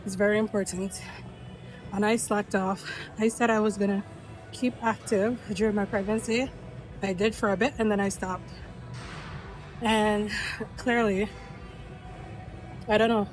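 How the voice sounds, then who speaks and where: Out of breath after a treadmill walk, a young woman vlogs candidly at the gym in a chatty, casual way. Her voice is mid-range with a darkish tone, and the audio is poor.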